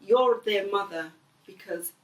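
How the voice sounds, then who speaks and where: A middle-aged woman, the host's mother, talking gently and earnestly in a casual family conversation. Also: mid-range voice, a little slow, distant mic. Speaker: mother of the host. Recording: echoey room, voice a bit off-mic.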